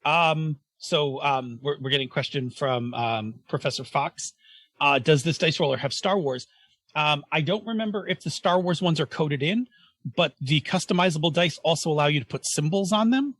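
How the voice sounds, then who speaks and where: A man co-hosting a gaming podcast in casual chat, excitable and rambling, with many fillers and restarts. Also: fairly high pitch, normal speed, no room sound. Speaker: podcast co-host.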